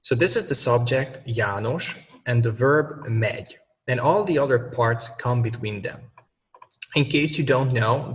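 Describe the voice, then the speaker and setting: A man explains grammar to learners at an even, mid pitch, with plenty of fillers and restarts. He stands away from the microphone, and his voice trails into a long reverb. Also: distant mic. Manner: many fillers and self-corrections, slows down for examples. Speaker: language teacher.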